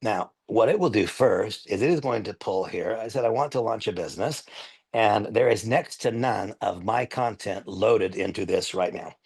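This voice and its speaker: A man's voice: lowish voice, normal speed, vocal fry, darkish tone, breathy edge. An older man giving a live training demonstration on a headset mic, earnest and emphatic, repeating his key points.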